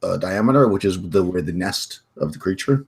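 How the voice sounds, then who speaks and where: A man running a tabletop game as game master, describing rooms in a halting way with many fillers. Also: low voice, animated, creaky, a little mellow, husky.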